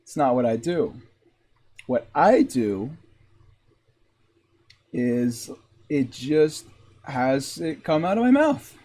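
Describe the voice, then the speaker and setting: A man's voice: medium pitch, sing-song, takes it slowly, pauses often, dark tone. A young man from Massachusetts, a game streamer, rambling and joking in casual chat full of fillers while he plays.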